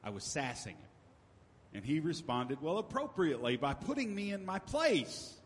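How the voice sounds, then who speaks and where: Higher-voiced male preacher in a reverberant hall. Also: big pitch swings, normal speed. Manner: conversational preaching with emphatic repetition. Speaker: pastor. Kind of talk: sermon.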